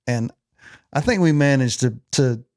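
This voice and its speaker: A man's voice: mid-range voice, animated, a little slow, a little mellow. A man in his forties who is a guest on a casual chat, easygoing and chiming in with short agreements. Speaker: podcast guest.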